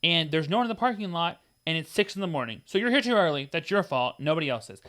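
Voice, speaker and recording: A young man co-hosting a podcast rants with lively energy, and his tone comes across as sarcastic. His voice is bright and edgy and sits a little high for a man. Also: quick pace. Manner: animated, sarcastic-sounding ranting. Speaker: podcast co-host. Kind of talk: casual chat.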